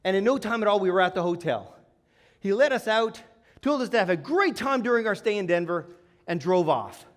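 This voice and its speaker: A man with a high-pitched voice delivers a comedic keynote on a conference stage. He tells his stories with lively energy and banters freely with the crowd. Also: fairly quick. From Toronto, Canada. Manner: energetic, humorous storytelling with audience banter. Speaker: keynote speaker. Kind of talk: live comedic keynote presentation. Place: conference stage before a live audience.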